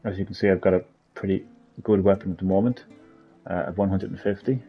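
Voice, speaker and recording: A man's voice: deep voice, steady tone, quick pace, breathy edge. Rambling man commentating a game. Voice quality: rambling, blunt, thinking aloud. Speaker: gaming video host. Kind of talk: casual let's-play commentary. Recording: lo-fi with game music behind.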